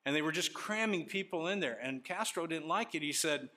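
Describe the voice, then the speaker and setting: Bright-voiced animated male preacher. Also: a little high, quick pace, few pauses. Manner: animated storytelling preacher, reads scripture aloud. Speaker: pastor. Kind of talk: sermon.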